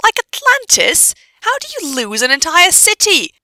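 A woman's voice: animated, quick pace, pushed and bright, dry recording. A woman reading the part of a clever, bookish young witch who speaks in an eager, questioning, raised voice. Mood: incredulous. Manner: eager, questioning, higher-pitched.

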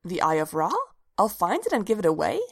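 Reading a storybook, a woman performs a proper young archaeologist with polite, formal, slightly fussy speech. She sounds lowish and sing-song, a little quick, and earnest in mood.

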